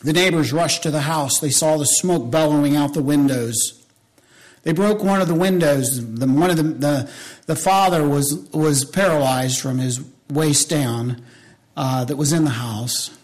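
A man preaching a sermon to his church, impassioned, rising to loud appeals and dropping to hushed storytelling, with folksy asides to the congregation. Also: a little high, a little slow.

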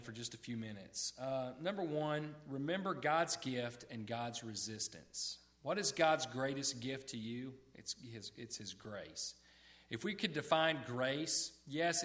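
A man delivering a sermon at an average pitch. He speaks conversationally, restarts his phrases and puts questions to the congregation. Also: a bit bright. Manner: conversational preaching, repeats words, asks the audience questions. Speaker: preacher.

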